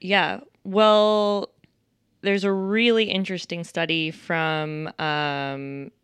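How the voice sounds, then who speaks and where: A woman co-hosting a podcast in casual chat, dry and deadpan in her comments. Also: on the low side, slow, smooth, no room sound. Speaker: podcast co-host.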